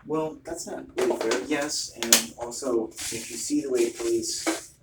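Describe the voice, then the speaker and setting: A man's voice: mid-range voice, fairly even intonation, measured pace. A middle-aged man in an agitated monologue, retelling an argument in quoted back-and-forth. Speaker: vlogger. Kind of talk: ranting monologue. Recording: roomy, distant mic, noisy ambience.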